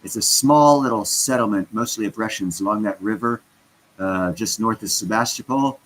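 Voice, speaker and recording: A man's voice: lowish voice, normal speed, fairly bright tone, slight background noise, rough recording. A stoned man chatting casually on a livestream, rambling and interrupting himself as he talks to his viewers. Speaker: crypto vlogger.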